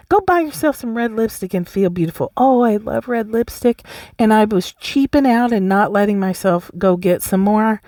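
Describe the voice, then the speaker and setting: A woman hosts a casual solo podcast in a mellow, expressive mid-range voice at normal speed, recorded at studio quality without echo. She talks bluntly and emphatically, swears freely, and laughs often.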